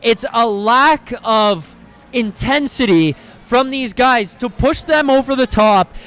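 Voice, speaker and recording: High-voiced man in a fiery rant. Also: animated, slow, a bit bright, smooth, soft background music. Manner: heated, profane and exasperated, with repeated stammering restarts. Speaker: host of a live post-game reaction stream. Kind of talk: live post-game rant.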